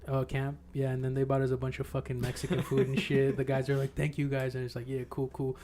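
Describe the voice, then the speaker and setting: A man's voice: mid-range voice, monotone, fast, darkish tone, slight background noise. Profane, laughing man telling stories. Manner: profane, laughs through his own stories. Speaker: podcast host. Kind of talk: casual chat, swapping stories.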